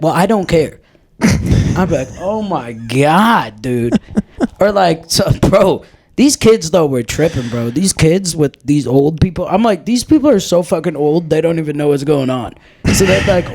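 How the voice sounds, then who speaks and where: A man's voice: high voice, darkish tone. A young man chatting on a podcast, telling blunt, profane stories from his old job. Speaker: podcast co-host. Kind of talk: casual chat.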